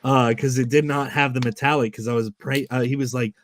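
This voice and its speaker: A man hosting a casual recap chat, telling his stories with lots of acted-out quotes and swearing. His pitch sits in the middle and his voice is plain and ordinary. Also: fairly even intonation, brisk. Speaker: channel host.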